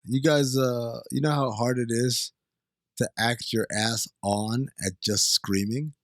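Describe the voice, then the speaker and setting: A man's voice: mid-range voice, steady tone, a bit bright, no room sound, studio quality. Bantering man co-hosting a podcast. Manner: quick reactive quips, teasing. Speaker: podcast co-host. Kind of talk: casual movie recap podcast.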